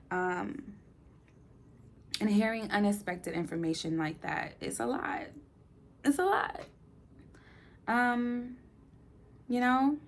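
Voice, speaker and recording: A young adult woman giving a personal vlog update to her viewers. She speaks with feeling, dropping to soft near-whispers and then rising into emphatic bursts. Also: fairly low pitch, vocal fry. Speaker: vlogger. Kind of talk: personal update talking to camera.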